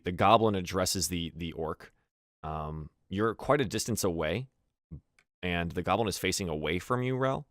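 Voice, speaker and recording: Man running a tabletop game, low, forceful voice, casual rambling narration. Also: no room sound, studio quality. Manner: casual, loose with many fillers. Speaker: game master.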